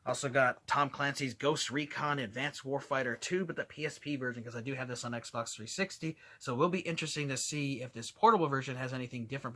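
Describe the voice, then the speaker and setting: A man's voice: medium pitch, bright, forceful tone. A man casually showing off his recent video game finds in an enthusiastic, rambling way with plenty of fillers. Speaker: video game collector vlogger. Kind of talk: casual show-and-tell vlog.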